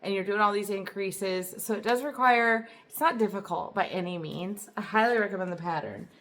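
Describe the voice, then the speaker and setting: A chatty woman hosts her knitting vlog from home. She talks to the camera in an easygoing, enthusiastic way, full of little fillers and asides. Her voice sits at an ordinary middle pitch. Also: normal speed, a bit bright. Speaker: knitting podcast host. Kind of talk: casual chat to camera. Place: home, indoors.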